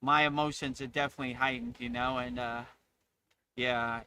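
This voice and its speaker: Bright-voiced man teaching with a laugh. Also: medium pitch, fairly even intonation, normal speed, a little hiss or hum. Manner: enthusiastic, laughs often, many "you know"s. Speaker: spiritual teacher and host. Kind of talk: casual spiritual chat.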